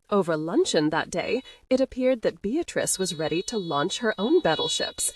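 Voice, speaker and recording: A woman narrating a historical romance audiobook in steady storytelling. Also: mid-range voice, moderate pace, hardly any pauses.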